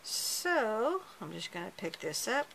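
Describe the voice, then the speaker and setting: A woman's voice: medium pitch, big pitch swings, takes it slowly, vocal fry, background noise. A woman hosting a card-making tutorial, chatting casually and correcting herself as she works with her hands. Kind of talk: casual craft tutorial narration.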